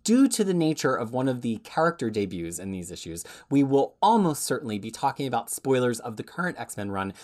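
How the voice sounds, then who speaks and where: A woman hosting a comic book podcast, reading a scripted opening and then teasing her co-hosts. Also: extremely low pitch. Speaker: podcast host.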